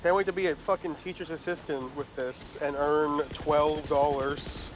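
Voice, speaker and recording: A man's voice: on the high side, moderate pace. A young man telling a long story to friends in casual chat, with lots of restarts. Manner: rambling, animated storytelling with restarts.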